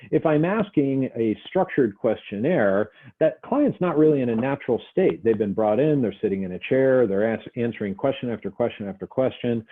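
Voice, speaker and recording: A man explains a lesson in a relaxed, conversational way, now and then acting out both sides of an exchange. His voice sits at a middling pitch, and the audio is narrow and tinny, as if heard over a phone. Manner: conversational, acts out example dialogues. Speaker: instructor. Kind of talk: recorded lecture.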